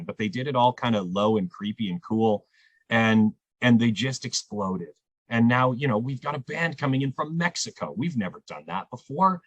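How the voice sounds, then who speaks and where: A man in casual podcast conversation, with a slightly husky voice in mid pitch. He tells stories with energy. The sound is dry and close. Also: dry recording, muffled recording. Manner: animated storyteller, jumps pitch when quoting others. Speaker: festival programmer.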